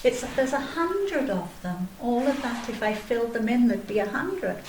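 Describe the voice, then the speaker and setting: High-voiced, patient kindergarten teacher. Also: female voice, sing-song, normal speed, noisy background. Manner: patient, gently explaining, sing-song. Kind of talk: children's video lesson. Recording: echoey room, faint background ambience.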